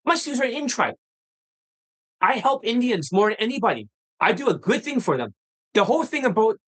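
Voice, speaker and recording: Hosting a dating-coach livestream, this man rants unscripted in a high-pitched, husky voice, and the recording is low quality. He's blunt, profane and combative, and his excitement keeps boiling over into heated outbursts.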